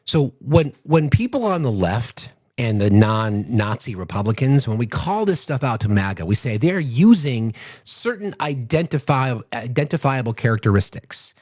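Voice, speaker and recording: A man hosts political commentary from home, ranting sarcastically and swearing. His pitch swings widely, and the dull, lo-fi sound is dry. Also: sing-song, moderate pace, a little mellow, dry recording. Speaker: host.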